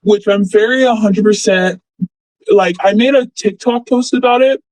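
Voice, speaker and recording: A young woman, once a friend, recounts events in a casual, rambling way, filling gaps with "like" and "blah, blah." Her mid-range voice moves at a moderate pace with a darkish tone, and the low-quality recording has no echo.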